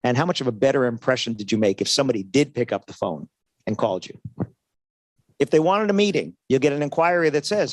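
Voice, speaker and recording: At a trade show, a man gives a motivational sales seminar to an audience, speaking conversationally, often asking "right?" and acting out little dialogues. His medium-pitched voice is expressive and quick, with vocal fry and no echo.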